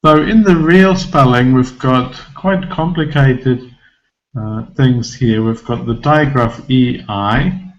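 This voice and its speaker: A man teaching English pronunciation to a class, explaining slowly and patiently, repeating example words and asking the learners questions. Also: medium pitch, highs cut off.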